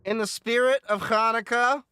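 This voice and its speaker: A man's voice: very high-pitched, fairly even intonation, normal speed, pushed and bright, clean tone, soft background music. A man streaming a game live, chatting casually with viewers in a joking, talkative way. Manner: joking, chatty, answers viewers and laughs often. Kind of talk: casual live-stream chat while gaming.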